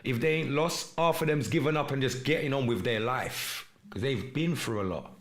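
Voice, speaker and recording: A man hosting a live stream podcast, delivering an urgent, preachy monologue in street slang and shouting out viewers in the chat. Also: medium pitch, moderate pace. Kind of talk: impassioned livestream monologue with chat shout-outs.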